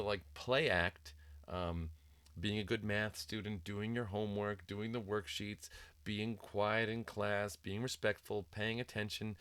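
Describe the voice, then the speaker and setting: A man's voice: lowish voice, fairly bright tone, dry recording. A middle-aged man, a parent and author, talking casually and at length about raising children, with frequent ums and restarts. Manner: rambling, many ums and restarts, mimics sing-song voices in quotes. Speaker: author discussing his book on parenting. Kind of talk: casual reflective talk.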